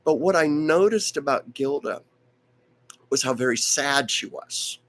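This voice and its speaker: A man's voice: mid-range voice, lively intonation, unhurried. A man hosting a live stream, telling a rambling story with many asides, his voice strained and fading in and out. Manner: rambling, anecdotal, with frequent asides and restarts. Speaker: host.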